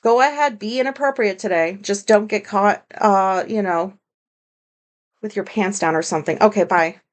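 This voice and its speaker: A woman's voice: medium pitch, normal speed. A woman hosting her own podcast, talking in a candid, rambling monologue full of fillers and swearing. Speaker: podcast host. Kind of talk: casual solo podcast monologue.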